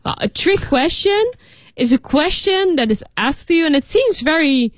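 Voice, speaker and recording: A woman's voice: high voice, lively intonation, moderate pace, dry recording, clean studio sound. A woman co-hosting a radio lesson, reading story lines and explaining English words in a loose, chatty way full of fillers. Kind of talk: casual teaching chat. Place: radio studio.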